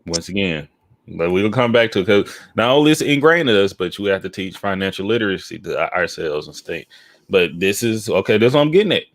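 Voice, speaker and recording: A man tells a story in a casual podcast chat. He is animated, keeps checking in with his listener and slips into other people's voices. The mic sound is dry and close. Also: low voice, brisk, no echo. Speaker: podcast co-host.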